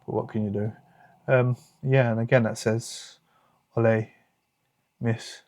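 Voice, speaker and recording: A man's voice: mid-range voice, little pitch movement, a little slow, darkish tone, dry recording. A British man with a British accent hosting a casual card-opening video, chatting and muttering asides to himself. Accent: British English. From United Kingdom. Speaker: card collecting channel host.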